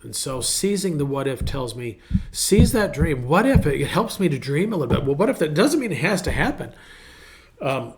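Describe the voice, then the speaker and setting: A man's voice: medium pitch, very animated, a little fast, a little hiss or hum. A middle-aged male pastor giving a casual, rambling devotional talk in a folksy way. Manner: rambling, folksy, self-interrupting.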